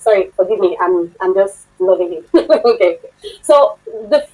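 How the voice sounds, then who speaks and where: A woman's voice: medium pitch, darkish tone, low-quality recording. A woman instructor giving a chatty online workshop lecture, often laughing and asking the class questions.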